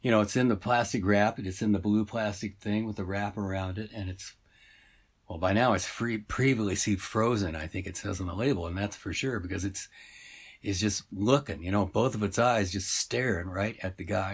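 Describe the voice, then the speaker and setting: A man's voice: fairly low pitch, normal speed, slightly rough. A man telling a story in a rambling, meandering way, full of fillers and asides.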